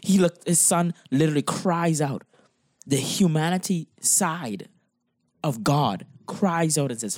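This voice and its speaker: A man's voice: on the high side, animated, measured pace, dry recording, studio quality. A man who preaches, talking through his faith in a casual discussion, earnest and impassioned, pressing his points with emphasis.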